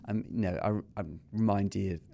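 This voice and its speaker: A middle-aged English man with an English accent, candidly telling a personal story as an interview guest. His voice sits low with a gravelly edge and has a dark, mellow timbre. He speaks earnestly and acts out remembered conversations as he goes. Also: steady tone, unhurried, slight background noise. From England. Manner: earnest and openly confessional, acts out remembered dialogue. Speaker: podcast guest, small business owner.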